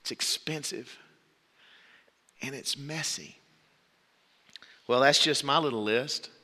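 A man's voice: mid-range voice, slow, long reverb tail. A man preaching a sermon, earnest, telling stories to make his point. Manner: earnest, storytelling, shouts out quoted voices.

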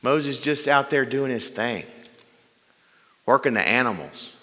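A male preacher delivering a sermon with folksy humorous asides, swinging between loud bursts and hushed, drawn-out phrases. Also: medium pitch, animated. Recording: long reverb from a large hall.

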